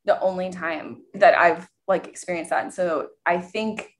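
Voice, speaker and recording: A woman's voice: fairly low pitch, normal speed, slight background noise. A young woman co-hosting a podcast, telling a personal story candidly and animatedly, with many fillers. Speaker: podcast co-host. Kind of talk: casual podcast conversation.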